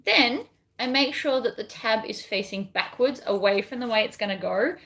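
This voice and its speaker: A bag pattern designer chats casually on a livestream while sewing a bag, reading viewer comments and rambling between steps. Her voice is fairly high and bright, with lively intonation and a normal pace, and there's a faint hiss or hum in the background.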